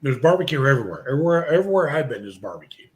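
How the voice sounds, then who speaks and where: A man's voice: on the high side, big pitch swings, racing, darkish tone. A middle-aged man, a guest on a barbecue podcast, telling long casual stories full of fillers and restarts. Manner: rambling anecdotes with many fillers and restarts. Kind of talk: casual storytelling chat.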